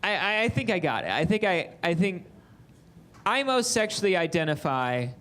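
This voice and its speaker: Rowdy young man with a high voice. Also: big pitch swings, moderate pace, fairly bright tone. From Phoenix. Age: 20s. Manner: rowdy, profane, hesitant filler-laden. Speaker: stand-up comedian. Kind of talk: stand-up comedy set. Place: comedy stage with live audience.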